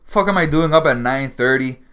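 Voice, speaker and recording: A man's voice: medium pitch, moderate pace. Profane rambling man hosting a podcast. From Miami, Florida. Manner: rambling and heavily profane, with sudden loud outbursts. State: tired and hungry. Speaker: podcast host. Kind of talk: casual podcast monologue, reading news aloud.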